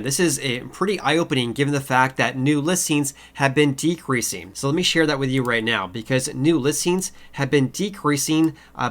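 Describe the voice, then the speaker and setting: A man's voice: medium pitch, fairly bright tone. A man with a cold and a nasal voice, hosting a video that explains market trends in casual talk to camera, with frequent fillers and key figures repeated. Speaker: housing market video host.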